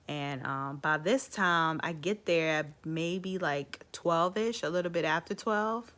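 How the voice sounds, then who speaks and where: A woman's voice: low voice, a bit bright. A woman vlogger casually telling her own story to the camera, chatty, with lots of "like" and "um".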